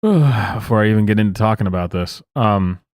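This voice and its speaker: A man's voice: on the low side, expressive, brisk, a little mellow, dry recording, clean studio sound. A man hosting a reaction show, sighing and rambling in exasperated commentary. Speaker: host reacting to clips.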